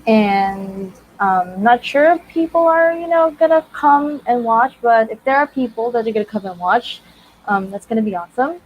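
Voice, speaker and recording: A woman's voice: on the high side, moderate pace, muffled recording, slight background noise. A woman in her thirties hosting a casual writing livestream, bubbly and greeting viewers by name. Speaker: livestream host.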